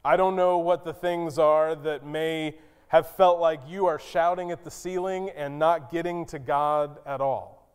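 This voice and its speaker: A man preaching a sermon, unhurried and deliberate, with a smooth, resonant voice. His voice rings with a long reverb, as in a big church hall. When he quotes someone, he jumps to sudden high, loud outbursts. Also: fairly even intonation. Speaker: pastor.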